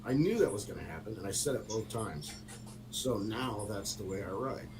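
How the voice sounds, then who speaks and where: A man's voice: fairly low pitch, animated, normal speed, heavy background noise. A middle-aged man telling a casual story with many fillers and frequent laughter. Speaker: guest on a motorcycle talk stream.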